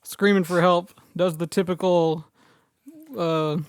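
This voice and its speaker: A man co-hosting a horror podcast, recapping the film in a wry, deadpan casual chat and correcting details. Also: high voice, slow, clean tone, dry recording, studio quality. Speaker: podcast co-host.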